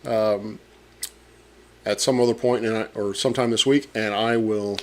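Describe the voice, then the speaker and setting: A man and astronomy professor narrating his data work on a live stream, muttering and halting with many fillers, his words muffled by a pen in his mouth. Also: lowish voice, steady tone, a little mellow. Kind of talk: casual live-stream narration while working.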